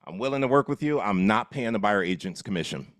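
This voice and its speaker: A man's voice: on the low side, expressive, fast talker, a bit bright, no echo, studio quality. A man playing a firm home seller. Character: adult home seller refusing to pay commission.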